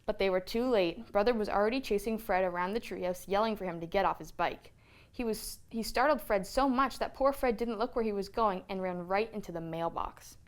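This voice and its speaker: A woman storyteller reading a children's picture book aloud in an expressive read-aloud manner. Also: medium pitch, brisk.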